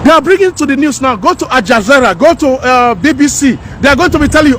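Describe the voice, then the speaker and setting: A woman's voice: sits high, expressive, quick pace, hardly any pauses, fairly bright tone. A woman rants fervently to her camera outdoors, hammering her points home by saying them twice. Her delivery is preachy and fiery. Light traffic hums faintly behind her. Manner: fiery, preachy, repeats lines for emphasis. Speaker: vlogger. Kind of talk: impassioned opinion vlog. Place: outdoors by houses.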